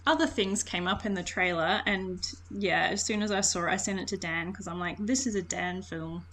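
A woman's voice: mid-range voice, brisk, a bit bright. Woman, podcast co-host, giggly, hesitant, faint background hiss. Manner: giggly, hesitant, laughs often. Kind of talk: casual film chat.

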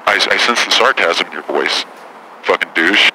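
A man's voice: low voice, normal speed, vocal fry, very noisy. A man doing a comedy impression of a brash, touchy female celebrity talk host who swears and gets defensive.

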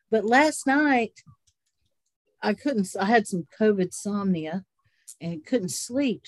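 A woman with a Southern Appalachian mountain accent and a mid-range voice, telling stories in a slow, rambling way. The recording is dry and close, with no room sound. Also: fairly low pitch, no echo. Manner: unhurried, rambling storyteller with frequent laughs. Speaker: podcast co-host. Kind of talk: casual chat.

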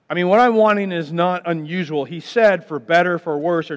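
A man's voice: fairly high pitch, a little fast, few pauses. Man, pastor, sermon, conversational, mock voices for complaints, dull lo-fi sound, long reverb.

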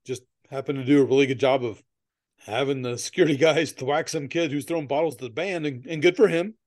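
A man's voice: mid-range voice, brisk, a little mellow. A man co-hosting a podcast in casual chat, telling stories in a rambling way, laughing often and swearing casually. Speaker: podcast co-host.

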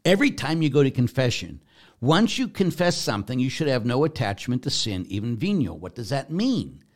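Emphatic priest with a lively voice. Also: male voice, mid-range voice, fairly quick. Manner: emphatic, preachy, repeats key points. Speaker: Catholic priest. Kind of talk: answering a viewer question.

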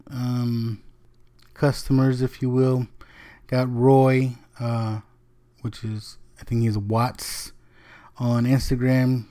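A man's voice: medium pitch, mellow. A man hosting his own podcast, talking casually with lots of ums and casual swearing. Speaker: podcast host. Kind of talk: casual solo podcast talk.

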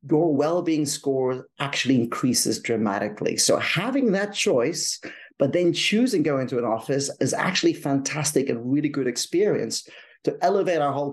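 A man with a South African accent speaks in an enthusiastic, explanatory way. His voice sits at a middling pitch, and he lays out research points on a conversational podcast. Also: animated, normal speed.

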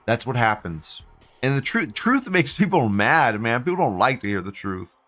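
A man's voice: on the high side, a bit bright. Agitated, profane male stream host. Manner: profane, agitated ranting with repeated questions. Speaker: livestream host. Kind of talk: live-stream rant reading chat.

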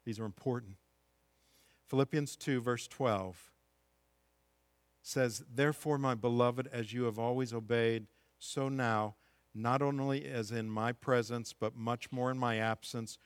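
A man's voice: mid-range voice, fairly even intonation, measured pace, no room sound. A middle-aged man preaching a sermon as pastor, reading scripture and building to impassioned, emphatic peaks.

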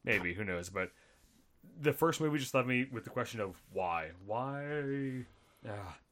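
A man in casual chat about films, easygoing and explaining his take in quick bursts. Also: medium pitch, lively intonation, a bit bright.

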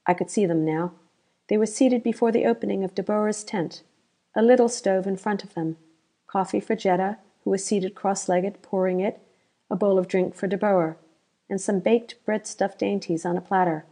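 A woman narrating an audiobook in a steady, measured reading. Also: medium pitch.

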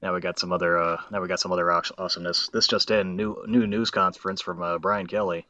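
A man's voice: low voice, flat delivery, fast talker, pushed and bright, dry recording, highs cut off. A man co-hosting a casual sports podcast, joking and sarcastic. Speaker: podcast co-host.

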